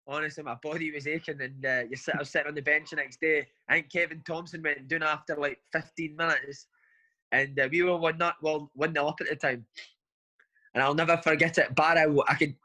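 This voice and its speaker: Man, footballer guest, chatty anecdotes, slightly high voice. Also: pushed and bright, poor audio. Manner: chatty storytelling, says "mate" constantly. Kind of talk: casual interview chat.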